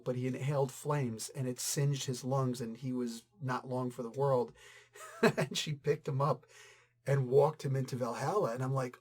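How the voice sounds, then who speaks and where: A man's voice: medium pitch, darkish tone. A middle-aged man giving a casual spoken comic book review, thinking aloud and reacting as he reads.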